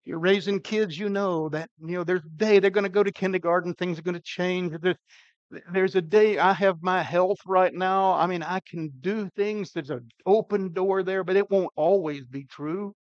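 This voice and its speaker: An older man preaching a sermon with emphatic, dynamic delivery, his loudness swinging widely. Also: high-pitched, steady tone, moderate pace, smooth, no echo, muffled recording. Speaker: pastor.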